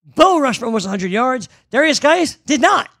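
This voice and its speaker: A man in his thirties co-hosting a sports podcast, chatting casually and reading ads, swinging between loud bursts and quiet talk. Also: very high-pitched, big pitch swings, normal speed, no room sound. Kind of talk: casual sports chat and ad reads.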